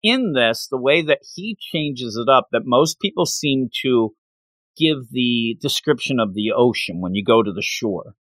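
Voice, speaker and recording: Lively, bright-voiced man recapping an anime. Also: mid-range voice, a little slow, no echo. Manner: animated storytelling with playful bits. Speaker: podcast host. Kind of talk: casual anime recap chat.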